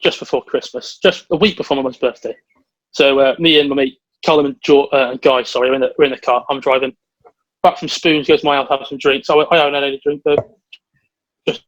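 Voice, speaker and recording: Young english guy rambling thru a story, talks super fast, dry muffled sound. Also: medium pitch, dry recording. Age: young adult. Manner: rambling storyteller, quick and excitable. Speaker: podcast co-host. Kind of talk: casual chat.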